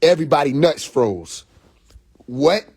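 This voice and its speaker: A man telling a story on a phone livestream, animated and profane, full of restarts and acted-out quotes. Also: fairly high pitch, measured pace, vocal fry, breathy edge. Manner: profane, confrontational. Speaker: livestream host. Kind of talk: casual livestream monologue. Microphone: phone mic.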